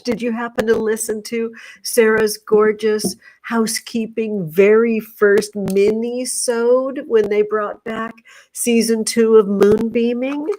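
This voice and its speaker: A woman's voice: mid-range voice, darkish tone. Effusive woman greeting her livestream chat. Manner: affectionate, effusive, calls viewers sweetie.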